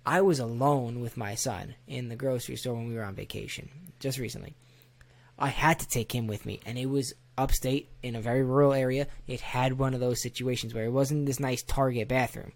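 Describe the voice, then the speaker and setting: A man, father of a toddler, telling a profane comic story with animated delivery, often laughing as he goes. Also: medium pitch, a little fast, creaky. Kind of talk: comedic storytelling.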